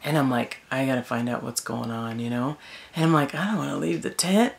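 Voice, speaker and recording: A woman vlogger telling a story in a casual, animated way from inside her tent in the woods, filling her talk with "like" and "you know". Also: very deep voice, brisk, creaky. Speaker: wilderness vlogger.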